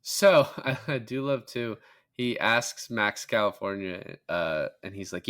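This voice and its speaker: A man's voice: fairly low pitch, normal speed, fairly bright tone. A young man co-hosting a casual film review podcast, retelling scenes with lots of swearing and fillers. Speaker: podcast co-host.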